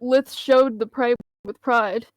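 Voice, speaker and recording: A woman's voice: fairly high pitch, steady tone, slow, dry recording. A woman reading a novel aloud on a stream, casually, with the odd stumble. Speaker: co-reader.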